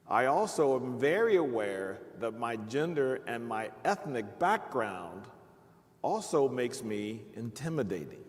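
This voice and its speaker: A man on a live panel telling his own stories earnestly, acting out the things people said to him. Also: medium pitch. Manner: earnest storytelling, acting out quoted speech. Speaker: panelist, perioperative leader. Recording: reverberant hall.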